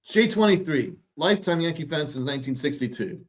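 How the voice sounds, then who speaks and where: Man, slightly higher voice, sarcastic ranting podcast host, exasperated and profane. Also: animated, fairly quick. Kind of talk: ranting sports commentary.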